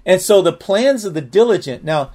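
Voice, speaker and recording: A man's voice: high-pitched, lively intonation, moderate pace, a little mellow. A man sharing a personal testimony in a candid, earnest, conversational way.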